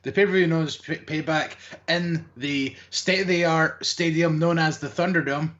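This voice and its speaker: A man's voice: a little high, fairly even intonation, moderate pace, fairly bright tone, highs cut off. A man co-hosting a wrestling podcast, recapping matches in a casual, rambling way with lots of fillers. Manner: rambling, hesitant with many fillers.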